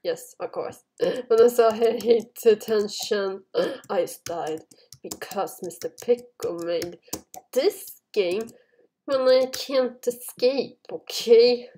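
A woman's voice: fairly high pitch, slow, mellow, slight background noise. Panicky, chatty woman gaming host. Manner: chatty, panicky, frequent yelps and screams. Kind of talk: casual game commentary.

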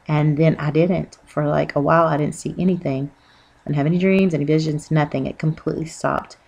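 Woman, low gravelly voice, earnest rambling testimony, lots of fillers. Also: fairly even intonation, a little fast, darkish tone. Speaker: Christian testimony speaker. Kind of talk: personal testimony.

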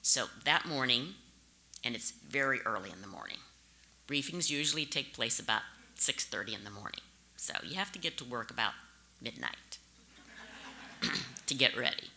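Bright-voiced American woman giving a speech. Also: a bass voice, animated, normal speed, long pauses, a little hiss or hum. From St. Louis, USA. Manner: direct, anecdotal, conversational. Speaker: conference speaker. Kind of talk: conference speech.

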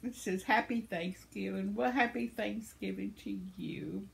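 A woman's voice: medium pitch, steady tone, measured pace, gravelly. An older woman hosting her own channel, casually reading viewer comments aloud in a chatty, tender way, laughing often and stumbling over names. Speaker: channel host.

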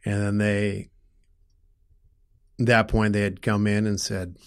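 A middle-aged man telling a painful personal story in an interview, halting and emotional, often restarting his sentences and growing loud when upset. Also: lowish voice, little pitch movement, clean tone.

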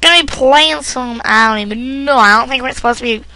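A woman rambles and swears through casual let's play commentary, goofy and crude. Her voice is a little high, with gravelly fry. It has a bright, sharp edge. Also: fairly quick, no room sound, low-quality recording. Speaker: gamer.

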